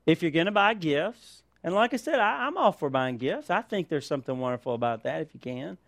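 A male pastor preaching with a high, lively voice that swoops up and down. He keeps firing rhetorical questions and asking for an amen. The sound is close and dry. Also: brisk, gravelly, no room sound. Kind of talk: sermon.

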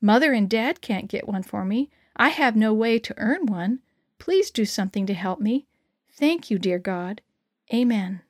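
A woman's voice: mid-range voice, animated, a little slow, a little mellow, no echo, clean studio sound. A woman voicing an earnest, pleading young schoolgirl from a poor family in a children's story.

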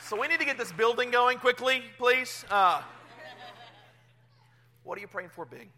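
A male pastor, around his thirties, preaching a sermon in church, telling a personal story with swings from hushed to loud. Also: extremely high pitch, lively intonation, moderate pace. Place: church sanctuary.

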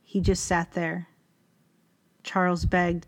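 A woman narrating a first-person story in a measured, even way. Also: lowish voice, no echo.

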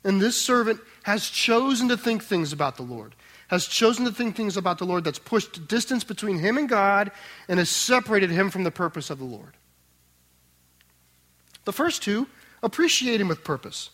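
High-voiced man preaching a sermon. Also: sing-song, normal speed. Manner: dramatic, swings between loud emphasis and quiet tender asides; acts out the master's voice in quotes. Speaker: pastor.

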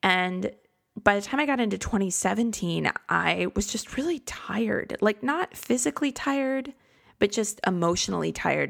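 Woman, podcast host, casual solo talk, chatty, self-deprecating, gravelly, lowish voice. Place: home studio in a converted garage.

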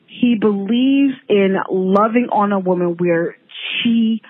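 A New woman hosts her podcast with giggly, flirty excitement, talking freely and teasing her guest. Her voice has a faint husky edge. It all comes through a tinny phone connection. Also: mid-range voice, slow pace. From New York. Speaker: podcast host. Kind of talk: casual podcast interview. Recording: tinny phone-line audio.

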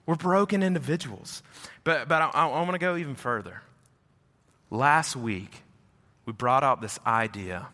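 Animated pastor preaching in an echoey hall. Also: male voice, fairly high pitch, normal speed. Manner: animated storytelling, swinging between loud and soft. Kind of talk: sermon. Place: church hall with congregation.

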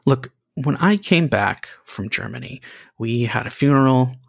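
An actor playing a weary, sardonic widowed man with a gravelly voice. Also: medium pitch, lively intonation, unhurried, no echo, clean studio sound. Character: gruff widowed man bent on revenge.

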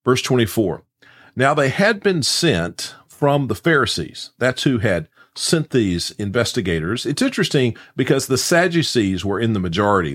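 A man leads a daily Bible devotion, reading each verse and then unpacking it in an unhurried way. His mid-range voice rises and falls with plenty of movement, and he lets the odd "uh" slip in as he explains. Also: mid-range voice, a bit bright. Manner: reads scripture aloud, then explains it verse by verse; unhurried explanations with occasional "uh" fillers. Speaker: Bible teacher.

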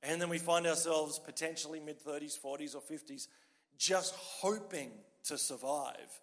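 A man with an Australian accent, a pastor preaching a sermon in a lively, joking, conversational way. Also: on the high side, moderate pace. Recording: long hall reverb.

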